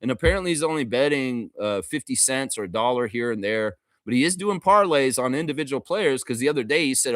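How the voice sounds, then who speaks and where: A man's voice: medium pitch, expressive, normal speed, fairly bright tone, dry recording, clean studio sound. A man hosting a casual sports live stream, rambling, laughing often and reading chat aloud. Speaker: livestream host. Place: Toronto.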